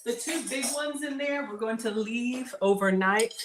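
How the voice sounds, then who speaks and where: A middle-aged woman, hosting a casual cooking livestream, chatty and excitable, talking straight to her viewers. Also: a little high, measured pace, a little hiss or hum. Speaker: home cook livestream host.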